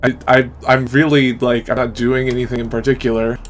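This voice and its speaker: A man's voice: mid-range voice, little pitch movement, fairly quick, soft background music. A man streaming a game live, chatting casually into a desk microphone in a rambling, self-deprecating way. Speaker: gaming streamer. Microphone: USB desk microphone.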